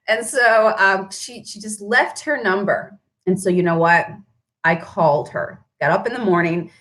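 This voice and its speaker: Speaking a little slowly in a mid-range, somewhat bright voice, the owner of a paint shop talks with her live-stream viewers. She responds to their comments and tags her points with "right?".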